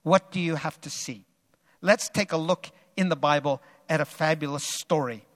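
A male preacher reads a Bible story aloud and retells it dramatically, swinging between loud bursts and quiet asides. His voice is high and bright with a sharp edge. A long hall reverb hangs around every phrase. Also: moderate pace. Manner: dramatic, varies loudness and pace freely. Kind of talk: sermon with dramatic Bible reading.

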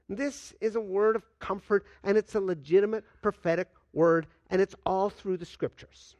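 An older man preaching a sermon as a pastor, swinging between loud and hushed delivery and acting out quoted dialogue. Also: sits high, fairly even intonation, moderate pace, hardly any pauses, no room sound. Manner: acts out dialogue with God in quoted voices.

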